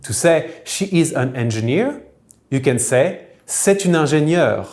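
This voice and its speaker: A man teaching a beginner French lesson, explaining grammar step by step and saying the French examples slowly and clearly. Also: fairly high pitch, lively intonation, a little mellow. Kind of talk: recorded language lesson. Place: church hall classroom.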